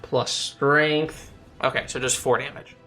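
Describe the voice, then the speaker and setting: A man running a tabletop game as dungeon master, narrating the action and reading rules aloud in a steady, explanatory way. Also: mid-range voice, a little slow, soft background music.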